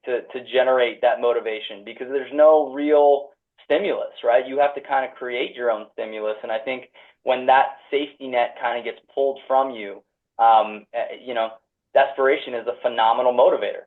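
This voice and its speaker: Mężczyzna po trzydziestce z Filadelfii, rozwlekle odpowiada jako gość, z wieloma urwanymi zdaniami, przez blaszany, telefoniczny dźwięk rozmowy wideo. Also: male voice, mid-range voice. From Philadelphia. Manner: rambling, full of restarts and hedges. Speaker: guest. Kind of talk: reflective conversational answers. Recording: tinny phone-like video call audio.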